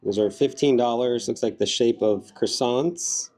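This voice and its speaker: A man with a Southern US accent chats through a casual café vlog, easygoing and full of playful jokes at his own expense. His voice sits at a middle pitch, and faint music plays in the background. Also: a little slow, a little mellow. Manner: joking, easygoing, playful self-teasing. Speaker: vlog host. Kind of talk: casual travel vlog chat. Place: small café indoors.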